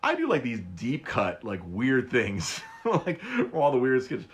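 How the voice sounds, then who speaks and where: A man in his thirties hosting a casual solo podcast, laughing often, stammering and repeating words, and jumping his voice high for quoted bits. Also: wildly swooping pitch, measured pace. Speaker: podcast host.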